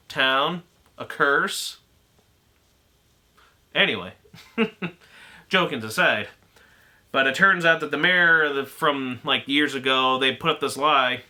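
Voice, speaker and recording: A man's voice: medium pitch, pushed and bright. A man giving a casual, rambling spoken film review, laughing often and acting out lines from the movie. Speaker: anime reviewer.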